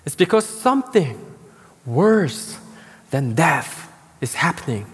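A pastor preaches in a high, lively voice that rises and falls with every phrase. He takes his time, slowing down and leaning on repeated words with dramatic pauses, while long reverb from a large hall trails after him. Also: husky. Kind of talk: sermon.

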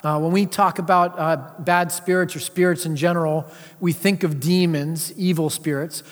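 A man's voice: fairly high pitch, fairly even intonation, normal speed. A man giving a sermon as pastor, in a conversational way with frequent filler sounds. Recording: long reverb of a large hall.

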